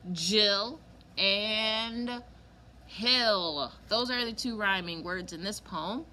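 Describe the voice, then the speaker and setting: A young woman teaches a recorded kindergarten lesson, drawing her words out slowly for little listeners. Her voice is bright and forward, and a faint background noise sits under it. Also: mid-range voice. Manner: slow, clear and encouraging, stretching words for small children.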